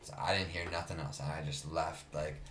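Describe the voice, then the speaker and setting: A man with a deep, low voice tells a rowdy story in an easygoing, profane way, often quoting others in his own voice. He sounds like he is in an echoey room, with a faint hiss underneath. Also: steady tone, fairly quick. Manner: laid-back, swears often, quotes others in his own voice. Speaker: podcast guest, rapper. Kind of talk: casual storytelling.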